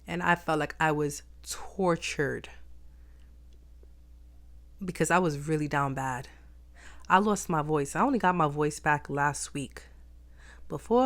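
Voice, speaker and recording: A woman's voice: mid-range voice, moderate pace, a bit bright. A woman talking in a reflective personal vlog, emphatic and repeating phrases for stress. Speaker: vlogger.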